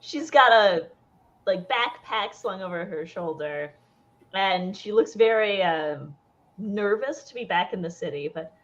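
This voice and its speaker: A woman's voice: mid-range voice, lively intonation, measured pace, dull audio. A woman narrating a tabletop game as game master, playful and given to giggling.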